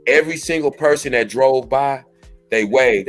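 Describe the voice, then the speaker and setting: A man's voice: medium pitch, normal speed, faint music behind. Easygoing man co-hosting a stream. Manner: easygoing, agreeing, tells stories with put-on greetings. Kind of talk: casual live-stream chat.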